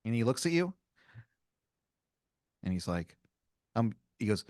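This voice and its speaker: A man's voice: lowish voice, big pitch swings, unhurried, long pauses, darkish tone, no echo, clean studio sound. A man hosting an improv podcast, narrating a made-up scene in second person with casual fillers. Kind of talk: improvised storytelling, game-master style.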